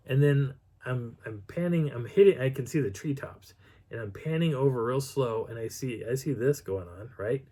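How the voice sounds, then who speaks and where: A middle-aged man telling a story on his video channel in a casual, animated way, acting out what people said. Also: moderate pace. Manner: animated, acts out quotes with pitch jumps and whispers. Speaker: vlogger.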